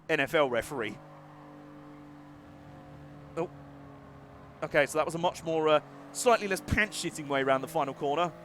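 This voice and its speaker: A man giving live racing gameplay commentary, excitable and jokey, laughing often and swearing now and then. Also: a little high, a little hiss or hum. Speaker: game streamer.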